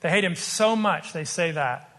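High bright-voiced male preacher, echoing hall. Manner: earnest, explanatory, slows for emphasis. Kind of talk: sermon.

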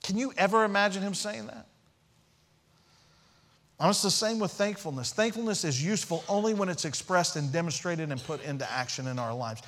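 A man's voice: sits high, animated, brisk, fairly bright tone. A man preaching a sermon as pastor, emphatic, repeating key phrases and asking rhetorical questions.

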